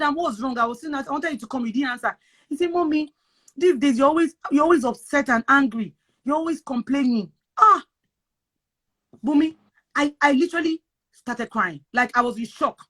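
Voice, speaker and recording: Emphatic Nigerian woman, high voice. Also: a bit bright. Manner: emphatic, repetitive, preachy. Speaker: guest sharing advice on moving abroad. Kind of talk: casual chat.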